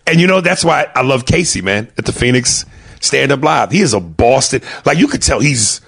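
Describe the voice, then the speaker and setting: Animated gravelly male comic. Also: mid-range voice, moderate pace. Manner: animated, swearing, quotes and mimics others. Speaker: podcast co-host, stand-up comic. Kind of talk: casual chat.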